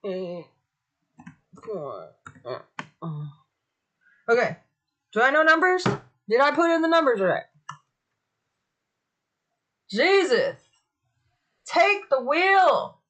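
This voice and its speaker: Her voice runs on the high side and a bit bright, with big swings in pitch, a measured pace and frequent pauses. She's a young adult woman on a live stream, chatting, cursing and talking to herself while she tinkers with her setup. Every so often she hums a little ditty under her breath.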